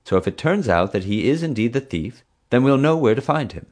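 A man's voice: medium pitch, big pitch swings, a little fast, a little mellow, pitched above the performer's own voice. A man reading an audiobook voices a stern, commanding female theme park boss who gives curt orders. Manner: curt, bossy, clipped orders.

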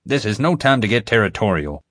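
A man voicing a calm, persuasive adult man in an audiobook. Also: fairly low pitch, brisk, no room sound. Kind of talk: audiobook character voice.

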